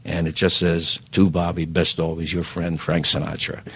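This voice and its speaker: A man, telling lively anecdotes as a podcast guest and acting out the dialogue. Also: low-pitched, moderate pace, husky, dry recording. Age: 70s. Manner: animated raconteur who acts out quoted dialogue. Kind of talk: anecdotal storytelling.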